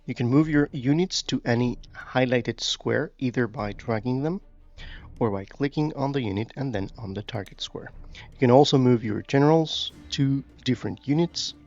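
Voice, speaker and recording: A man with a gravelly, middle-pitched voice talks through a strategy game tutorial, reading the on-screen text and then loosely commenting with hesitations. The recording is a bit dull and lo-fi, with faint game music underneath. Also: normal speed, a little mellow. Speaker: gaming YouTuber. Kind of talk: casual gameplay commentary.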